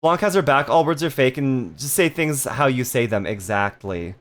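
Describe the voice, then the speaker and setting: A playful streamer chatting with viewers during a live stream, voice swooping up and down with lively energy. Giggly and given to crude jokes, sitting at a middle pitch. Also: normal speed.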